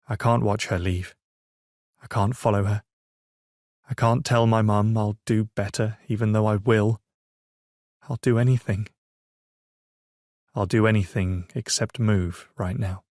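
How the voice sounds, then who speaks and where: A man narrating a romance audiobook in first person, measured and emotive, on a close mic. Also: lowish voice, a little mellow, no room sound.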